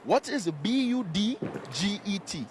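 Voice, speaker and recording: Playful high-voiced man quizzing strangers. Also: very animated, a little slow, a little hiss or hum. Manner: playful, teasing, sing-song questioning. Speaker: street interviewer. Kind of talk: street quiz interviews. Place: outdoors on a city street.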